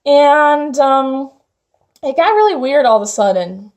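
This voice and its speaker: Young woman, high-pitched, casual storytelling vlog, chatty, filler-heavy. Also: lively intonation, unhurried, a little mellow. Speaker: vlogger.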